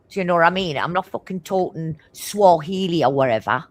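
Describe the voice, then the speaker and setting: A woman with a broad Geordie accent, blunt and swearing constantly as she tells animated stories in casual chat. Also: fairly low pitch. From Newcastle, England. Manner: talks fast.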